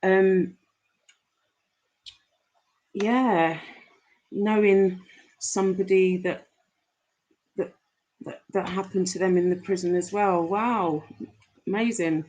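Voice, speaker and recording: A woman hosts a relaxed live stream, reading out viewers' messages. Her pace is slow and easygoing, her voice sits in an ordinary middle register, and she rambles fondly with lots of fillers. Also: mid-range voice, highs cut off. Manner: chatty, warm-hearted, rambling with fillers. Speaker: livestream host reading chat. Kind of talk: casual live chat.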